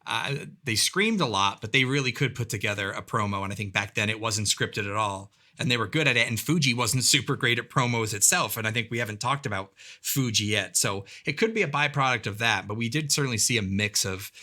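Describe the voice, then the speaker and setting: A man co-hosting a podcast, talking through his thoughts at length. His voice sits a bit low, with a bright edge. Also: brisk, hardly any pauses. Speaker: podcast co-host. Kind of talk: casual chat.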